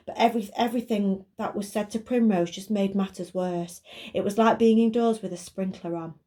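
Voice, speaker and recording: A woman, a primary school teacher reading a children's book aloud clearly and expressively. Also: medium pitch, moderate pace, warm tone.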